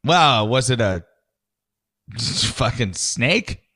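Wry male co-host, lively pitch. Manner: wry, quick-witted banter with profanity. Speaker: podcast co-host. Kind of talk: casual comedic banter.

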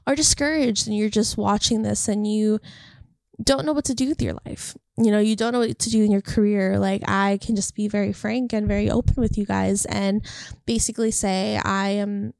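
A woman's voice: medium pitch, steady tone, normal speed, gravelly, a little mellow, no echo, studio quality. A young woman talking casually and earnestly to camera about faith and encouragement, rambling and heartfelt. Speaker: faith vlogger. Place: California.

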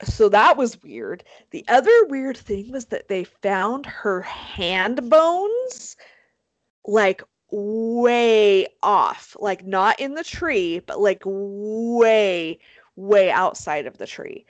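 Animated, foul-mouthed woman podcast host. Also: medium pitch, extremely slow, no echo. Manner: animated, swears freely, lots of fillers. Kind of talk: casual chat.

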